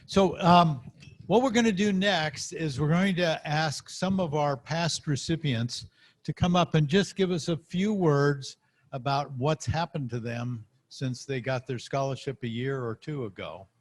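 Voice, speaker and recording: A man's voice: fairly high pitch, measured pace. A man emceeing an award celebration in an easygoing, joking way as he calls up speakers. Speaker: event host.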